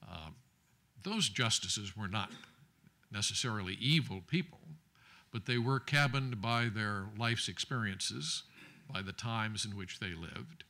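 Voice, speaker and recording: An older man, a former judge, answering on a law school panel in a dry, measured way with frequent hesitations. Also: on the low side, animated, vocal fry, pushed and bright. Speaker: former judge, lecture guest. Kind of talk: panel discussion. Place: law school lecture event.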